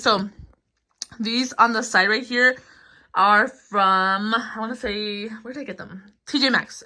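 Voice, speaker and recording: A woman's voice: medium pitch, bright, forceful tone. A young woman in her twenties giving a casual, rambling room tour of her small bedroom, giggling often and filling gaps with ums and likes. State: a bit out of breath. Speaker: vlogger.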